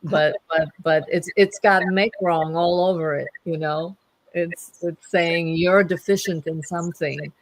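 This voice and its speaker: A woman's voice: on the low side, fairly even intonation, unhurried, dry recording. A woman in casual conversation, playful and teasing, laughing often.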